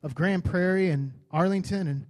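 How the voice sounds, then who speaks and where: A man's voice: sits high, normal speed, darkish tone. A man, a pastor preaching a sermon, telling a personal story in a casual, conversational way and building to fervent declarations.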